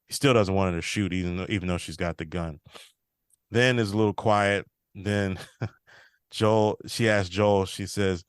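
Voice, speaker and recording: Man, podcast host, casual recap, low pitch, clear resonant voice. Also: fairly even intonation, normal speed, no room sound, studio quality. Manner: retells scenes, quoting characters in a slightly shifted voice.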